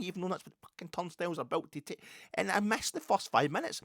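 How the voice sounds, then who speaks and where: A man's voice: high-pitched, quick pace, gravelly, a bit bright, no room sound, studio quality. A middle-aged Scottish man hosting a solo football fan podcast, rambling and swearing as he rants. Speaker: podcast host.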